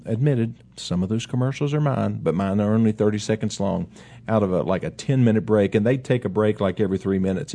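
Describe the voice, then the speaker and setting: A middle-aged man with a somewhat low voice hosts a casual talk segment about cars. He talks in a folksy, rambling way, drifting into chatty asides about customers and his own business. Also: a little mellow. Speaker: car dealership owner and radio host.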